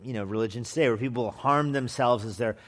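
A man's voice: medium pitch, fast. A man preaching an expository sermon as pastor in a conversational manner with wry asides, sometimes acting out quoted voices. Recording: long hall reverb.

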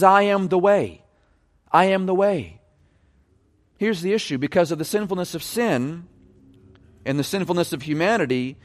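A man preaching a sermon, emphatic and stressing key words as he explains a passage. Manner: emphatic, varies pitch widely for stress. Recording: long reverb of a large hall.

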